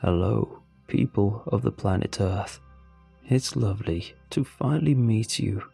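A man voicing a stranded male alien in a storybook reading, speaking slowly in a low, gravelly voice. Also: warm tone, soft background music, heavily acted. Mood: friendly. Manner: slow, drawn-out delivery. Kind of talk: storybook narration.

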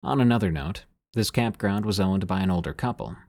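A man reading listener-sent scary stories aloud as a narrator, in a measured storytelling delivery that sinks quieter on the eerie lines. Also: deep voice, no echo.

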